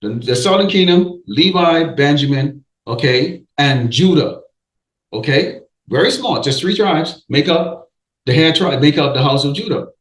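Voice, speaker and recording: A man's voice: fairly high pitch, animated, unhurried, echoey room, poor audio. A man preaching a warning sermon, emphatic, often stopping to say okay and restarting his sentences. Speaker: street preacher.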